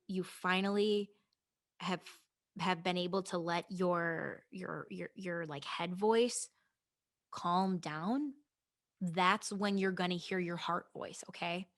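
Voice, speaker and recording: A woman's voice: on the low side, a bit bright. Chatty young woman podcast host. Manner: chatty, swearing, many restarts and asides to listeners. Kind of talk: casual chat about goals and meditation.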